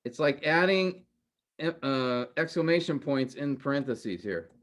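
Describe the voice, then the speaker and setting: A man's voice: mid-range voice, lively intonation, measured pace, fairly bright tone. A man teaching a Bible class in a recorded lecture, explaining step by step and asking rhetorical questions. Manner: explanatory, addresses class as guys and men; repeats points with rhetorical questions.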